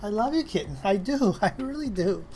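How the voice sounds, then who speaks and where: While 3D modeling on a casual live stream, a woman slowly talks herself through her work and addresses her cat with both fondness and exasperation. She has a medium-pitched, dark-toned voice with lively intonation, and there's slight background noise.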